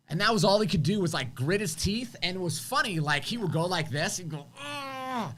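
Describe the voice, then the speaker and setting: Animated man telling an intense story. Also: high-pitched, fairly quick. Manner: animated, acts out quotes, swings loud and soft. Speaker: co-host. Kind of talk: emotional storytelling on a live show.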